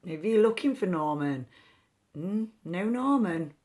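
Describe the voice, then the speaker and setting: Rune reader, talks real slow, rambles and riffs on words, medium pitch. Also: lively intonation, a little mellow. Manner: meandering, free-associating, chatty asides. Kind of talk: slow intuitive card-style reading.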